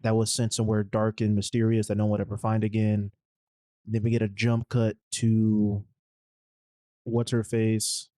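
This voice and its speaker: Deep mellow-voiced man recapping a movie. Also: monotone, moderate pace, dry recording. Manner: rambling, loose plot retelling with slangy asides. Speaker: podcast co-host. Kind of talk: casual movie recap chat.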